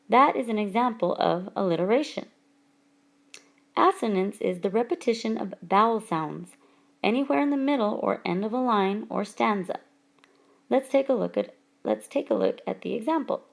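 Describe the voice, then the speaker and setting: A woman teacher giving a recorded lesson over whiteboard slides, speaking slowly and deliberately and stretching out example words. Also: mid-range voice, gravelly.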